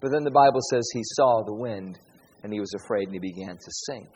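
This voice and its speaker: A man preaches with a husky, slightly breathy voice of middling pitch. He repeats key lines and poses rhetorical questions with earnest conviction. The recording is dull and lo-fi, with a long echo from a large church hall. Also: a little fast, darkish tone. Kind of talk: sermon.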